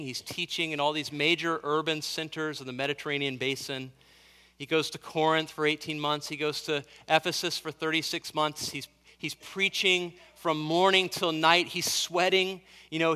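A man's voice: fairly high pitch, sharp tone, long reverb tail. A man preaching a sermon as pastor, earnest and emphatic, building on repeated phrases.

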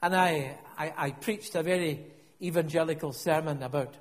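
A man's voice: fairly high pitch, moderate pace, in a large hall. A middle-aged man preaching a sermon, telling a personal story in a reflective way and often repeating and restarting his words.

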